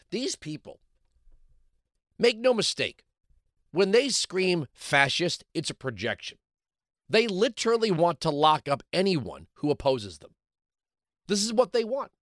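Combative talk-radio man, lively swooping pitch. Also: unhurried, long pauses, dry recording, clean studio sound. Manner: combative, sarcastic, ranting. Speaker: political talk show host. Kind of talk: opinionated commentary monologue.

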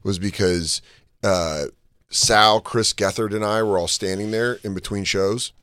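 A man co-hosting a podcast, telling stories in casual chat and shouting out the lines of fans he met. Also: fairly low pitch, measured pace, clear, resonant tone, no room sound. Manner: animated storyteller, shouting out fans' lines. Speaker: podcast co-host.

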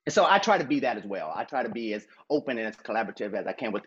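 A man's voice: on the low side, rapid-fire, a little hiss or hum. A middle-aged man, an actor, talking casually as a guest and acting out quoted voices with easy laughter. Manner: animated, acts out quoted voices, laughs easily. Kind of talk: casual interview talk. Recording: muffled, dull lo-fi audio.

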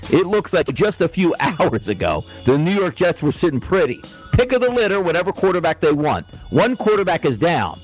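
Animated, lively sports talk host man. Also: high voice, moderate pace, hardly any pauses, faint music behind, low-quality recording. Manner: animated, rhetorical questions, acts out imagined quotes. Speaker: sports betting show host. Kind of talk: solo sports talk monologue.

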